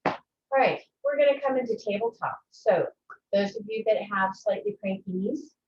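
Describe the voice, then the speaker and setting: A woman teaching a yoga class over a video call, giving slow, gentle, soothing cues. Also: medium pitch, a little hiss or hum. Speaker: yoga instructor. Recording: far-off, echoey, muffled video-call audio.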